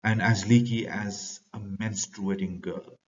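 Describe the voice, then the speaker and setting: A man's voice: fairly low pitch, fairly even intonation, slow pace. An Indian man reading the part of an old male courtier who tries to make peace and reassure the others. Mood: reassuring. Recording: distant dull lo-fi recording.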